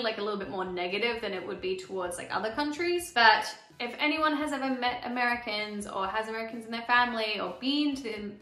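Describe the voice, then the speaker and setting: A woman's voice: medium pitch, pushed and bright, roomy sound. A young Australian woman vlogging in a casual, chatty way, laughing often and saying "like" a lot. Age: young adult. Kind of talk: casual chat to camera.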